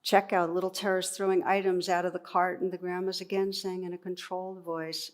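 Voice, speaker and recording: A woman's voice: lowish voice, level tone, a little fast, few pauses. Reflective woman giving a meditation talk. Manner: reflective, gently humorous. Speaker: meditation teacher. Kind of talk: dharma talk.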